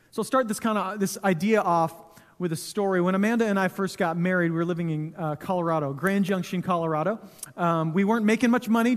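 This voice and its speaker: High-voiced pastor in a reverberant hall. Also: male voice. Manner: conversational storytelling with humor. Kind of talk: sermon. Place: church sanctuary.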